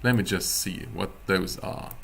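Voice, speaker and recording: A man teaching a beginner language class, explaining pronunciation slowly in a playful, teasing way. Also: low voice, gravelly, a bit bright, a little hiss or hum. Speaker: German teacher.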